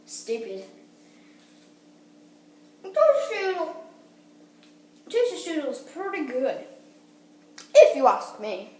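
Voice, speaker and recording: High, lively, goofy young woman. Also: slow, pauses often, reverberant. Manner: goofy, rambling, self-interrupting. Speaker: vlogger demonstrating a snack. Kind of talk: casual how-to vlog.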